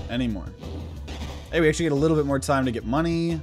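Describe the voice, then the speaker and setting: A man's voice: a little high, fast talker, a little mellow, faint music behind. A man giving casual let's-play commentary, thinking aloud as he plays. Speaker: gaming channel host.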